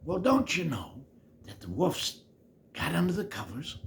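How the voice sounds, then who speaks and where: An older man telling a children's story, animated and playful, dropping into whispery asides. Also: a little high, moderate pace, a little hiss or hum.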